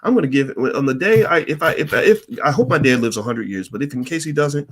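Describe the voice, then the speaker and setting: A middle-aged man hosting a Q&A stream, telling a story in a blunt, profane, animated way. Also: mid-range voice, quick pace. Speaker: host of a Q&A stream. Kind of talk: candid storytelling monologue.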